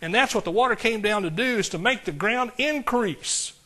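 Male pastor, sermon delivery, slightly high voice, dynamic and conversational with the crowd. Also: normal speed, breathy edge. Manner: animated, swings from loud preaching to quiet asides; talks directly to the congregation, asks questions.

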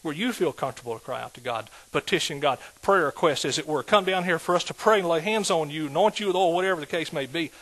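A husky-voiced male preacher delivering a sermon, building his repeated calls into loud exhortations. His voice sits a bit higher than most men's. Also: fast talker, hardly any pauses, low-quality recording. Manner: emphatic, rising to loud exhortation. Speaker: pastor.

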